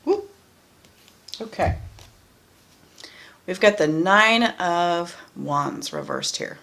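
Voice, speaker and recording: A woman's voice: on the low side, huge pitch swings, very slow, vocal fry, fairly bright tone, slight background noise. A woman doing a casual tarot card reading, chatty and blunt, who often repeats her phrases and swears freely. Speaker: tarot reader.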